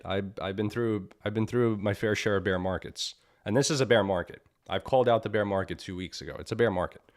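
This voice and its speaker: A man hosting a live market analysis stream. He sounds annoyed, talks bluntly, repeats himself and keeps asking "right?". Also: lowish voice. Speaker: trading stream host.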